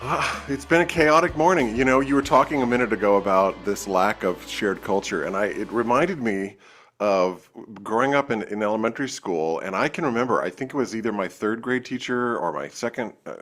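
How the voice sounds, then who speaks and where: A man's voice: lowish voice, lively intonation, brisk, fairly bright tone, faint music behind. A man as guest co-host, reflective and telling stories in casual chat. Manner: reflective, storytelling. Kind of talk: casual talk show chat.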